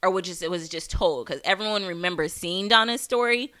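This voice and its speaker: A woman's voice: on the low side, a little fast, sharp tone. A woman hosting a podcast, recapping a TV episode in a casual, rambling way with many fillers and restarts, and swearing for emphasis. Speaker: podcast host.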